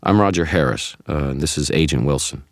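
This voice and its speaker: A man's voice: very deep voice, normal speed, no room sound, clean studio sound. A man reading the part of a nervous, skinny young male agent, hesitant and eager. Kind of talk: audiobook character voice.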